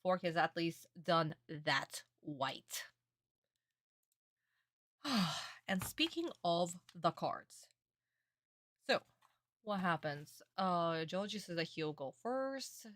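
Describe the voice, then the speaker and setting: A woman streamer giving casual reaction commentary on an anime, animated and affectionate, calling her viewers darlings. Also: on the low side, takes it slowly, pauses often, no room sound, studio quality.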